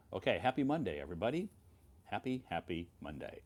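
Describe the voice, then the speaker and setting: Relaxed American man, lively low voice. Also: fairly quick. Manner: rambling, reassuring, repeats himself. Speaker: English teacher hosting a live stream. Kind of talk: casual live-stream chat. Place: his home.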